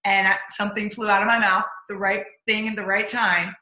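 Speaking a little fast with flat delivery and a sharp tone at medium pitch, this middle-aged woman is a leadership coach and speaker. As a guest in a relaxed interview, she tells stories from her career and performs her own inner voice, recorded in an echoey room.

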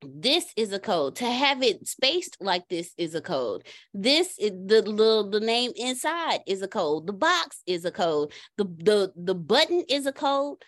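A woman's voice: mid-range voice, big pitch swings, measured pace, no echo, studio quality. A woman on a casual podcast, telling a story with laughs and exasperated asides.

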